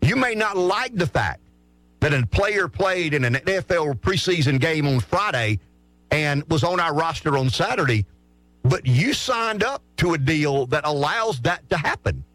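A man's voice: fairly high pitch, expressive, moderate pace, fairly bright tone, dry recording. A man arguing opinions on a sports talk show, firing off rhetorical questions and answering them himself.

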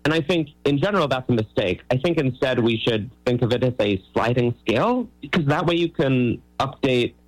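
A man's voice: medium pitch, expressive, brisk, few pauses, rough recording. A man, a magician guest on a radio show, explaining things in an easygoing, playful way. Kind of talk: radio interview.

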